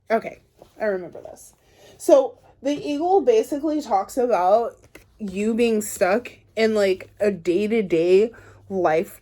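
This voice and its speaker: A woman's voice: mid-range voice, mellow. A woman giving a casual pick-a-card tarot reading to her viewers, rambling and chatty with lots of ums and likes. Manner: chatty, rambling, filler-heavy. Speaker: tarot reader.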